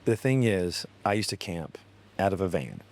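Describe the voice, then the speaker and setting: A low-voiced man with a Southern US accent hosting a relaxed podcast. He is chatty and easygoing, trading stories and asking follow-up questions. His pace stays unhurried and conversational. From North Carolina, US. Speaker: podcast host. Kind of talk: casual interview.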